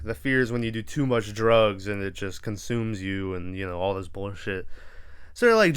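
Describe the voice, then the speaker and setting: A man's voice: medium pitch, expressive, a little fast, fairly bright tone, smooth. A young man hosting a podcast, casually recapping a horror movie in a rambling, profane way and acting out the characters' lines. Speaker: podcast host.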